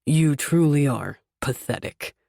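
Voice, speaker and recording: A woman's voice: deep voice, lively intonation, measured pace, creaky, dark tone, no echo, studio quality, voice pushed down, exaggerated voice. A woman voicing mocking male shadow beings in an audiobook, with a harsh, grating, silky yet nasty voice. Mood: sneering. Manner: sneering. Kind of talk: audiobook character voice.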